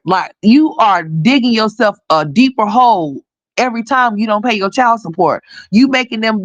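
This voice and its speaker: A woman hosting a livestream, giving blunt, profane commentary and scolding directly, her voice hoarse. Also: fairly low pitch, no room sound. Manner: blunt, scolding, profane, talks straight to viewers.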